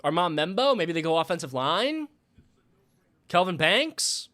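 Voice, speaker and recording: A male live-stream host with a high, bright voice talks in a loose, casual way. He rambles and thinks out loud as he reacts, and breaks off to thank viewers. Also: big pitch swings, measured pace.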